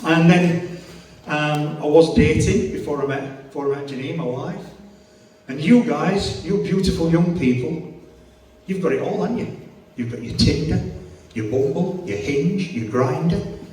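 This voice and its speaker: Middle-aged Yorkshire stand-up, crude and self-mocking, live club sound from a distance. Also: male voice, on the high side, unhurried, a little mellow. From Yorkshire, England. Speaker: stand-up comedian. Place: comedy club stage. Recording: echoey club from far off.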